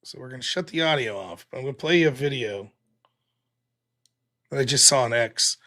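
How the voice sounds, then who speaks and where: A man's voice: mid-range voice, expressive, fairly quick, bright, forceful tone. A man hosting a live stream, ranting casually with plenty of profanity.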